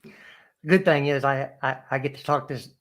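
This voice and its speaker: A man's voice: mid-range voice, normal speed, fairly bright tone. A man as a guest fan on a call, talking in a deflated, hesitant way with many fillers after a match. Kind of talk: casual post-match chat.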